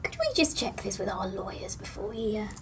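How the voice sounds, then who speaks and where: A woman's voice: mid-range voice, very animated, brisk, vocal fry, slight background noise. A woman scientist guest doing comedy improv in a dry, teasing way.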